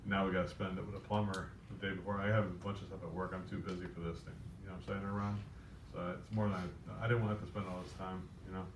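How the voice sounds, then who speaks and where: A man plays a frustrated homeowner in an improvised sales role-play and tells his story in an animated, joking way. His voice sits low. The recording is noisy, with the sound of a roomy hall picked up from a distance. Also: fast talker. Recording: echoey room, distant mic, noisy.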